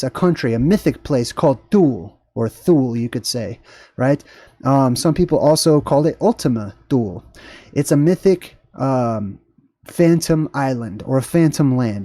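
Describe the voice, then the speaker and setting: A man's voice: a little high, dark tone, dry recording. A man hosting a livestream show, talking casually and rambling with enthusiasm, with frequent fillers and restarts. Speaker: host.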